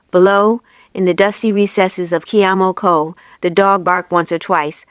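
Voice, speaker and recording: A woman narrating an audiobook in a measured, steady way. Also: medium pitch, clean tone, no echo, studio quality.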